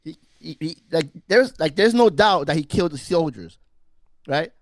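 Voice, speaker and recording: A man's voice: fairly high pitch, lively intonation, moderate pace, dry recording, studio quality. A man co-hosting a casual podcast, rambling and repeating himself as he laughs through his stories. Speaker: podcast co-host. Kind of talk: casual chat.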